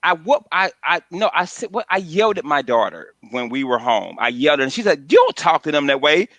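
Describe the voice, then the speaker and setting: A middle-aged man with a fairly high, very lively voice, telling stories in a relaxed, joking way on a comedy radio show. He acts out family members with big jumps in pitch, and his studio mic sounds close and dry. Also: fairly quick, no echo. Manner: animated storyteller, acts out his mother in a high voice. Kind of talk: casual comedic chat.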